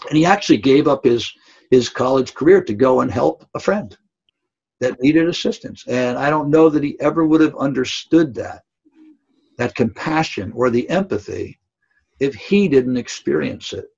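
Older male coach, gravelly and husky, earnest storyteller, lo-fi audio. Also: mid-range voice, normal speed, a little mellow. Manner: earnest, emphatic, tag questions like "right?". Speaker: basketball coach. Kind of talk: storytelling in a podcast interview. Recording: dull lo-fi audio.

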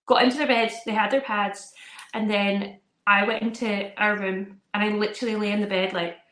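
A young woman, a podcast co-host, telling a story in animated, casual chat and acting out her children's voices. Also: mid-range voice, moderate pace. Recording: roomy echo.

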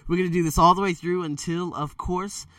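Bright, rambling man telling stories. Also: high voice, a little fast, no room sound, distant mic. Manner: rambling, loose and candid, full of fillers and self-corrections; animated, jumps into quoted voices. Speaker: storyteller vlogger. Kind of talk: casual spoken storytelling. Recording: dry sound, set back from the mic.

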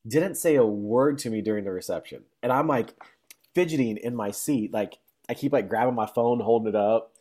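Here a young man's dark-toned voice moves at normal speed as he loosely spins out a long tale. He leans on plenty of fillers and occasionally performs quotes in an exaggerated high pitch.

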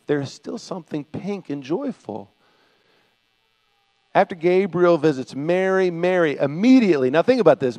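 An older man preaching a sermon as pastor. He talks in an animated way and acts out biblical voices, swinging from soft to loud. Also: sits high, no echo.

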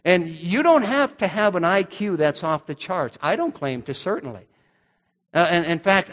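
A man's voice: high-pitched, fairly bright tone. A middle-aged male pastor preaching a sermon earnestly, often restarting his words. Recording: long hall reverb.

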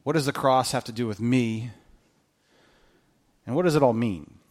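A man preaching an Easter sermon in a casual, conversational way, reading scripture aloud and moving between quiet asides and emphatic peaks. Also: mid-range voice, moderate pace. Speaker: pastor.

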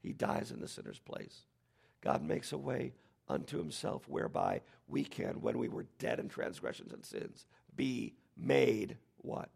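Male pastor preaching, heavy vocal fry, husky tone, animated delivery. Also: mid-range voice, measured pace. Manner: animated preaching with dramatic quotes. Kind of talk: sermon.

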